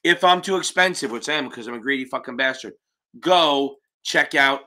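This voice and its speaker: A man's voice: medium pitch, normal speed, sharp tone. A man hosting a live-stream Q&A as an exam prep tutor, talking in a brash, profane and blunt way, with emphatic interjections.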